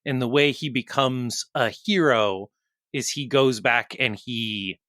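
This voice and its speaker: A man on a film podcast talking slowly and searchingly, pausing and using fillers as he explains an idea. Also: mid-range voice, fairly bright tone, no room sound, clean studio sound. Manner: slow, searching, with pauses and fillers. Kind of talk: casual film podcast discussion.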